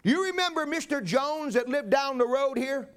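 Pastor doing a humble blind beggar, high voice. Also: male voice, animated, normal speed, fairly bright tone. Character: poor blind old male beggar.

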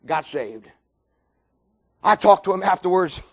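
An older man preaching a sermon with fervent, dramatic storytelling that swings from loud to hushed. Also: sits high, lively intonation, measured pace.

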